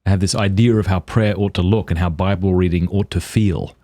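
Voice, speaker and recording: Deep-voiced musing podcast host, a man. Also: fairly even intonation, a little fast, warm tone, no echo. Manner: reflective, musing. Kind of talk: casual podcast conversation.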